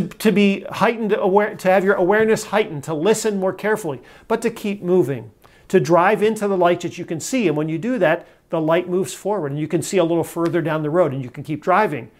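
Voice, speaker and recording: A man preaching a sermon as a pastor, earnest and measured, slowing down for emphatic scripture quotes. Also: sits high.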